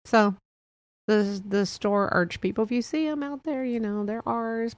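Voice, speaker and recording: A woman's voice: fairly high pitch, unhurried, no echo. A middle-aged woman hosting her own podcast, chatting loosely about toys with frequent laughs and rambling restarts. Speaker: podcast host. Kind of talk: casual solo podcast chat.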